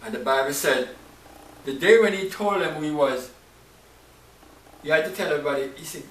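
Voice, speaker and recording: A male preacher telling a Bible story in an expressive sermon, acting out the characters' emotions. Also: a little high, fairly quick, long pauses. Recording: roomy, distant mic, faint hiss.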